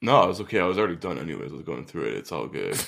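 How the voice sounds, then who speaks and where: A man's voice: low voice, sing-song, very fast, gravelly, fairly bright tone. A young man co-hosting a podcast, laid-back and laughing often. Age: young adult. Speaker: podcast co-host. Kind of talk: casual chat.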